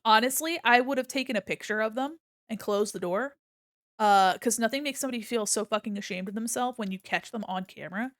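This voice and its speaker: A woman's voice: mid-range voice, fairly quick, dry recording, clean studio sound. A woman streamer chatting casually with her viewers, telling stories with lots of swearing and acted-out quotes. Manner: profane, animated storyteller acting out quotes.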